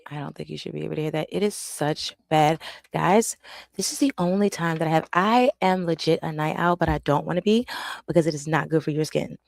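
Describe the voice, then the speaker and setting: A woman hosting a live stream, talking in a rambling, animated way and calling her viewers "bro" and "darling". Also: low-pitched, a little fast, vocal fry, no room sound, low-quality recording. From United States. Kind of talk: casual live stream monologue.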